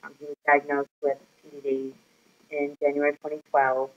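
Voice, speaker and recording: A woman's voice: low-pitched, completely flat delivery, normal speed. A mother talking to her camera in a casual vlog, telling a candid, rambling story with plenty of fillers. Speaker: mother vlogging about her son. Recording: slightly dull lo-fi recording.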